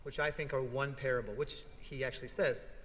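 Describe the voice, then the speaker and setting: A man's voice: medium pitch, fairly quick, a little hiss or hum. A man preaching a sermon in a large church sanctuary, telling stories and asking rhetorical questions. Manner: animated storytelling with rhetorical questions. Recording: echoey church hall.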